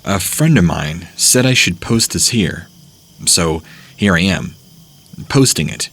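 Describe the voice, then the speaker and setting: A man narrating first-person horror stories as the host of a channel, reading in a plain, steady way. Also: low voice, slow, a little hiss or hum.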